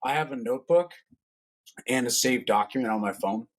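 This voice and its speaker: A man's voice: mid-range voice, brisk. A man, a fitness coach, talking casually on a podcast as a guest, telling jokey stories and swearing freely. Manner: animated, swearing, jokey storyteller.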